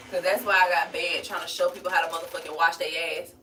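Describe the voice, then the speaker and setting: A woman's voice: lowish voice, fairly quick, sharp tone, far from the mic, slight background noise. An American woman chatting loosely with her live-stream viewers from home and swearing casually. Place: home, moving about the room. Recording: roomy sound, voice off the mic.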